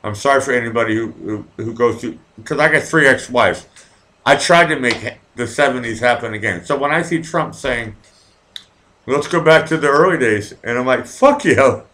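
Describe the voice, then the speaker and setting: A man hosts a live stream, rambling and swearing freely as he reads out viewer comments. His talk wanders, and it swings between low mumbles and loud, fired-up bursts. His voice sits at an ordinary middle pitch. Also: moderate pace, a little hiss or hum. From Massachusetts, near Boston. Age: 40s.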